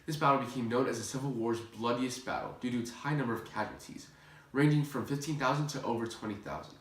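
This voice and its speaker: A man's voice: mid-range voice, quick pace, fairly bright tone. A young man narrating a scripted history school project, reading steadily with the odd slip. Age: young adult. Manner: reads steadily from a script, with small slips. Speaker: student presenter.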